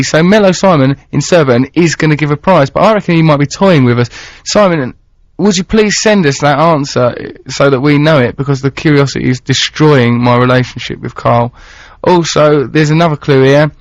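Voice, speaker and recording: A radio host with a fairly high voice talks briskly into a studio microphone, rambling playfully and reading listener texts. There's no room sound, and the broadcast has a dull lo-fi quality.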